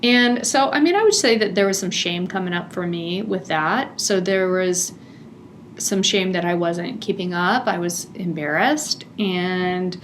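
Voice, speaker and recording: A middle-aged woman hosting a podcast, telling a personal story in an animated, chatty way with frequent laughter. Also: on the low side, measured pace, slight background noise. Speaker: podcast host.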